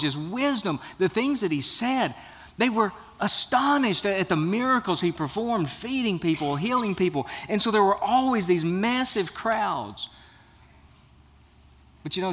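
A man's voice: sits high, a bit bright. A man preaching a sermon, reading a scripture passage and then explaining it earnestly, often restarting and repeating words as he goes. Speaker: pastor. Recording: long hall reverb.

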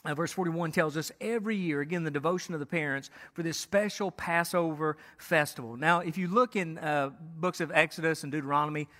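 A man's voice: a little high, fairly quick, few pauses, a bit bright. Man preaching in an echoey hall. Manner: conversational preaching with frequent stammered restarts. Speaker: pastor. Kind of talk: sermon.

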